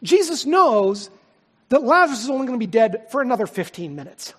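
Husky high-voiced male pastor preaching. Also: very animated, brisk. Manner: emphatic preaching, swinging from loud to hushed. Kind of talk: sermon. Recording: long hall reverb.

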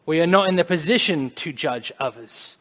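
A man preaching a conversational sermon, earnest, swinging between loud emphasis and quiet asides. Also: on the high side, expressive, normal speed. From United States. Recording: long hall reverb.

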